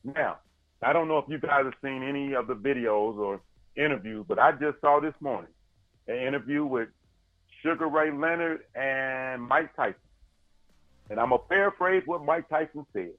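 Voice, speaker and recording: Man, casual sports chat, animated, paraphrasing, dry close sound, dull lo-fi audio. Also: mid-range voice, moderate pace, no room sound. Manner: animated storyteller, paraphrasing and laughing. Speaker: podcast co-host.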